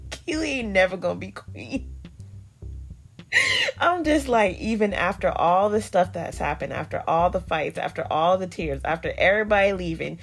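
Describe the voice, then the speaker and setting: A woman's voice: on the low side, normal speed, breathy edge. A woman hosting a podcast, giving a casual, sassy review full of slang and frequent laughter. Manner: animated and sassy, laughs often, uses slang. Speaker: podcast host reviewing a reality show. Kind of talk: casual commentary.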